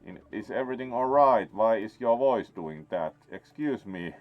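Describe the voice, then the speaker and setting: A gaming host with a lowish, animated voice talks at normal speed, giving casual, wry and playful let's play commentary as he plays. The lo-fi recording sounds dull, with faint game music in the background.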